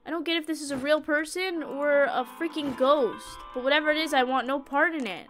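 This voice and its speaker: A young woman giving excitable, dramatic let's play commentary, quick to panic and joke. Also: high voice, soft background music. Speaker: gaming YouTuber.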